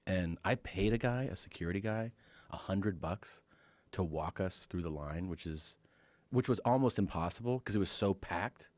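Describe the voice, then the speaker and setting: A man with a low voice tells a story in loose, casual conversation. He talks close to a dry, dead microphone and jumps into louder, higher voices when he quotes people. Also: moderate pace, no room sound. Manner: animated storyteller, acts out quotes in raised voices. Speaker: podcast guest.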